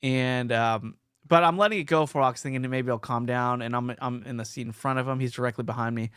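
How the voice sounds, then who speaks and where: A man's voice: mid-range voice, fast talker, clean tone, no echo, clean studio sound. A man hosting a podcast, telling stories in casual chat and reading out listener comments. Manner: animated storytelling, reads listener comments. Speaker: podcast host.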